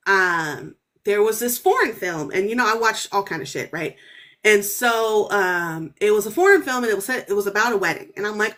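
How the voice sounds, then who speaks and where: A woman in her thirties telling a story on a podcast in a casual, animated way, full of "like" and "right?", her voice jumping up when she gets excited. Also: mid-range voice. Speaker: author guest.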